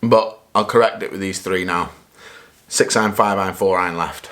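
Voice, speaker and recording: A man's voice: low voice, moderate pace, slight background noise. A man in a casual golf vlog, chatting and reacting as he hits practice shots, sometimes a bit out of breath. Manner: chatty, self-critical, bursts of excited exclamations. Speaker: golf vlogger. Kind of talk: casual vlog commentary while hitting shots.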